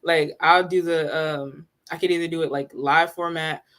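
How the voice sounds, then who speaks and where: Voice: mid-range voice, fairly even intonation, fairly bright tone. A host chatting casually on a live stream, answering viewers' comments and often stopping to restart sentences. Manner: halting, many restarts and asides.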